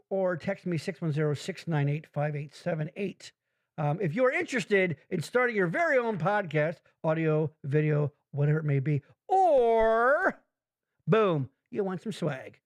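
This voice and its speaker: A man hosting a podcast in casual chat, rambling and swearing, with lots of fillers. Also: sits high. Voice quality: profane, rambling, full of fillers. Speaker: podcast host.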